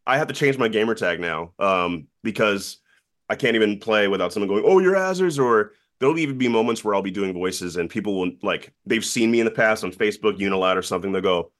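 Young guy talking fast on a podcast, lowish voice, lots of um and like. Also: a bit bright. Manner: rambling, lots of fillers and restarts. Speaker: podcast guest, voice actor. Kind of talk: casual chat.

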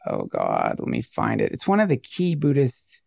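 A man in casual conversation, talking in a rambling, animated way and often breaking off mid-thought. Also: medium pitch, normal speed, creaky, no echo, clean studio sound. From United States. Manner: rambling, animated, self-interrupting.

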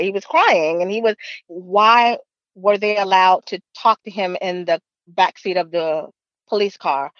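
A woman interviewed as a mother, telling her story in an animated, indignant way and acting out past conversations. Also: medium pitch, no echo, highs cut off. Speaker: interviewee, mother of a young man.

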